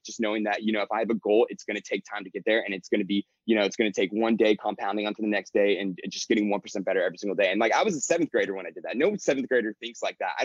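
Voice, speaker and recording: A young man in his twenties talks fast and low as a podcast guest, tumbling through his thoughts with constant fillers and restarts. His voice comes through dull and lo-fi, close and completely dry with no room sound. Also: husky, dry recording. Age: 20s. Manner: rambling and quick, heavy with "like" and "you know", frequent restarts. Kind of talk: casual interview chat. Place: his childhood bedroom at home.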